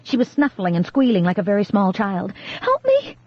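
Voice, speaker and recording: A woman narrating an audiobook in a measured, dramatic reading style, recorded in a studio. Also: mid-range voice, no room sound. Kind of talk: scripted narration. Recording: dull, dry 1980s cassette studio reading.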